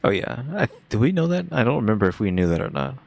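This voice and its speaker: A man's voice: lowish voice, sing-song, fast talker, gravelly, heavy background noise. A young man hosting a reaction video, talking casually and musing aloud with lots of fillers. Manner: rambling, musing, many fillers.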